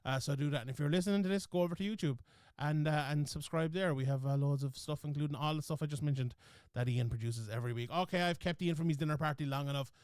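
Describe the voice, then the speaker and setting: A man's voice: fairly high pitch, fast, a little mellow, clear, resonant tone, no echo, studio quality. A man hosting a podcast, talking bluntly and swearing casually as he wraps up with plugs. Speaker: podcast host.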